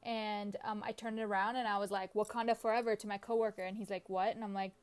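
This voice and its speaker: A woman guesting on a podcast in casual chat, recording remotely, talking animatedly with sudden loud bursts. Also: mid-range voice, flat delivery, fast, smooth.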